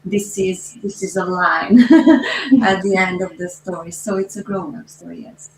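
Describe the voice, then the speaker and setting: Slow Hungarian-accented actress, halting. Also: female voice, medium pitch, a little hiss or hum. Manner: slow, hesitant, halting non-native English with many fillers. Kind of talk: festival interview. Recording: echoey room.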